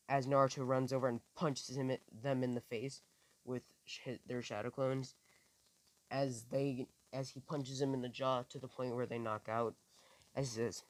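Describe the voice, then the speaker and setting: Casual man, mid pitch, loose improvised storytelling with lots of restarts. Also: level tone, normal speed, no echo. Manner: rambling, with many restarts and fillers. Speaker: amateur storyteller. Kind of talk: improvised fan-fiction storytelling.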